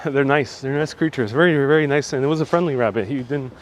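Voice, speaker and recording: A man's voice: mid-range voice, fast. A man hosting a live walking tour outdoors, chatting casually and reacting to viewer comments as he goes. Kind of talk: casual live-stream narration. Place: outdoors on city streets. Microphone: phone on handheld gimbal.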